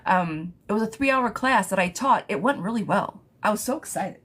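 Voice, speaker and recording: A woman's voice: mid-range voice, big pitch swings, a little fast, breathy edge. Chatty woman reading tarot on a live stream. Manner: chatty, laughs often, swears casually. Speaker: tarot reader.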